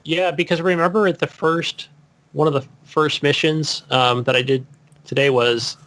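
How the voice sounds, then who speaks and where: A man's voice: on the high side, steady tone, moderate pace, fairly bright tone. A man co-hosting a gaming podcast, musing and speculating in casual chat. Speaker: podcast co-host.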